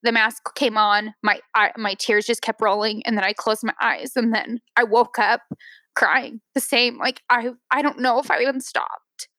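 Woman, thirties, podcast guest, teary, halting storyteller, dry sound. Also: a little high, fairly even intonation, sharp tone, no room sound. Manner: tearful, halting, many restarts and fillers. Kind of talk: emotional personal story on a podcast.

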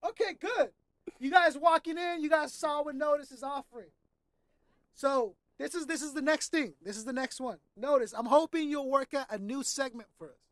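A woman's voice: sits high, normal speed, dry recording. A woman hosting a casual interview, teasing her guest with slang and often laughing. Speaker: podcast host.

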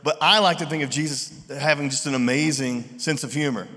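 A man preaching a sermon in a relaxed, conversational way, acting out voices in his retellings. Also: a little high, a little fast. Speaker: pastor. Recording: long reverb of a large hall.

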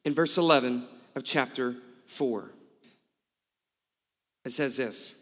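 A man's voice: medium pitch, slow pace, fairly bright tone. A male pastor preaching a sermon, telling a personal story with candid, self-mocking humor. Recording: long hall reverb.

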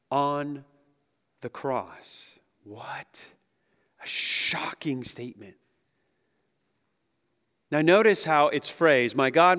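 A man in his thirties, a pastor giving a conversational, animated sermon and chuckling often as he speaks to the room. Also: medium pitch. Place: large hall with an audience. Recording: long echo of a big hall.

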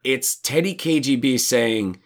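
Guy on a podcast chatting movies, gets excited, keeps doing the lines. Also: mid-range voice, measured pace. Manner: enthusiastic, quotes movie lines in put-on voices. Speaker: podcast co-host. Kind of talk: casual chat.

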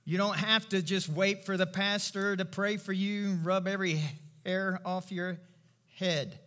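A preaching man with a high, bright, ringing voice, delivering a sermon from a church pulpit. He builds from quiet, low asides into loud, emphatic declarations, calling out to his congregation for responses. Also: fairly even intonation, unhurried. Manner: emphatic, call-and-response preaching with shouts of "woo". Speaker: pastor.

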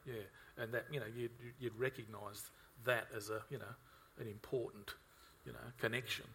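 Man, bright forceful tone, halting co-author in an interview. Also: mid-range voice, fairly even intonation, gravelly, slight background noise. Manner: halting, full of fillers and restarts. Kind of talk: conversational interview.

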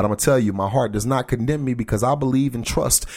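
A man's voice: medium pitch, fast, hardly any pauses, darkish tone. A man preaching an encouraging sermon, speaking earnestly and directly to his listeners and urging them on. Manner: earnest, exhorting, talks straight to listeners.

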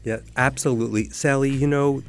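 A man giving calm advice as an education expert guest in a radio studio interview. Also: medium pitch, brisk, faint music behind. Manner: calm, advisory, affirming.

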